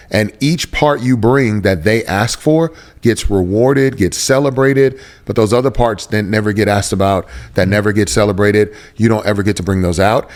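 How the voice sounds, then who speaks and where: A man speaking as an interview guest, telling a personal story in an earnest, searching way and repeating phrases for emphasis. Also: fairly low pitch. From Houston, Texas.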